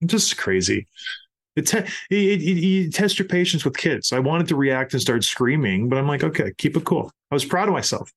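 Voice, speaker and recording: Animated man hosting a podcast. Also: on the high side, normal speed. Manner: animated storyteller. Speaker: podcast host. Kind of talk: casual chat.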